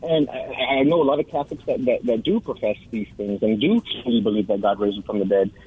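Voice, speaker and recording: A man's voice: medium pitch, fairly even intonation, fast, slightly rough. A young man calling in to a radio show, hesitant and full of um and like, heard over a muffled phone line. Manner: hesitant, peppered with um and like. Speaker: caller. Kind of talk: call-in radio conversation.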